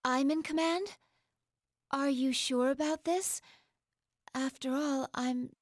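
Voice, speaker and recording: A woman voicing a calm, formal female combat android who speaks politely and precisely. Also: sits high, slow pace, voice pushed up. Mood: unsure. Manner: polite, precise, softly spoken. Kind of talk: reading a game story aloud.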